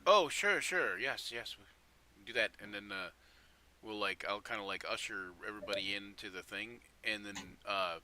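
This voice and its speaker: A man playing in a tabletop game, talking in a low-key, rambling way. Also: moderate pace, noisy background. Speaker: player. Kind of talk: tabletop role-play.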